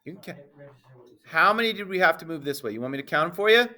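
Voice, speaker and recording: A man teaching a middle school math class, playful and emphatic, addressing the students as ladies and gentlemen and checking often that everyone understands. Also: on the high side, expressive, fast.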